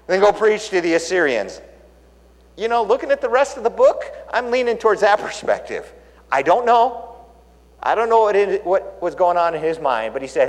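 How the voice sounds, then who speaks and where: A man preaching in a large hall, telling the story with lively energy and acting out the voices of its characters. His voice sits a little high and swings widely in pitch, and a long reverb trails behind every phrase. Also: fairly quick. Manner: animated storytelling, acts out characters' lines. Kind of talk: sermon.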